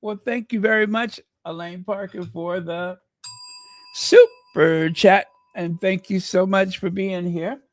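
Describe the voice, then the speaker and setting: A man's voice: high-pitched, fairly even intonation, takes it slowly. A man hosting a casual livestream, trading snarky gossip, thanking viewers and breaking into bits of song. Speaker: livestream host.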